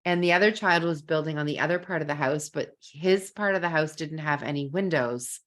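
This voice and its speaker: A woman with a slightly low voice who teaches kindergarten, presenting a live parenting masterclass online. She tells her classroom stories earnestly and often repeats a word while gathering her thoughts. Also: brisk, a bit bright. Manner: earnest, storytelling, repeats words while thinking.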